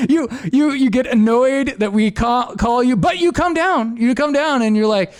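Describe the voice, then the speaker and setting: A man's voice: extremely high pitch, a little slow, few pauses, smooth. A young adult man hosting a podcast, telling a rambling story in casual chat and laughing often. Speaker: podcast host.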